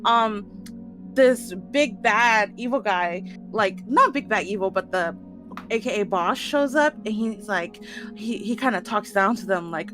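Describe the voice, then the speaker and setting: A woman casually recapping the last tabletop session, animated, laughing and swearing often. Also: medium pitch, measured pace, faint music behind.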